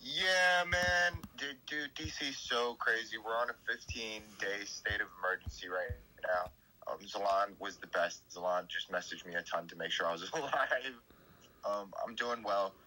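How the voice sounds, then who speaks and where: A man's voice: fairly low pitch, moderate pace, pushed and bright, a little hiss or hum, low-quality recording. A man dropping into a stream to chat in a laid-back, slangy way. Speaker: guest caller. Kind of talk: casual voice chat.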